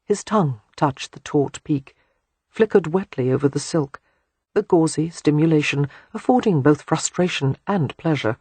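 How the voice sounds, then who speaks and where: Audiobook narrator, soft hushed romance reading, husky tone, dry recording. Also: mid-range voice, animated, normal speed, no room sound.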